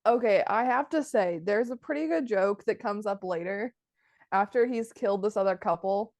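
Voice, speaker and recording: A woman's voice: mid-range voice, moderate pace, a little mellow, no room sound. A woman co-hosting a podcast, chatting casually and giggly about a film over a video call. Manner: chatty, giggly, lots of restarts. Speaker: podcast co-host. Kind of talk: casual chat reviewing a film.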